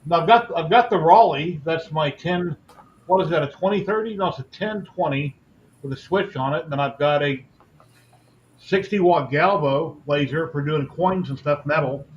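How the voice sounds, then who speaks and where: A man's voice: on the high side, moderate pace, dull audio, slight background noise. A man hosting a casual podcast chat, explaining technical gear in a matter-of-fact way. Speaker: podcast host.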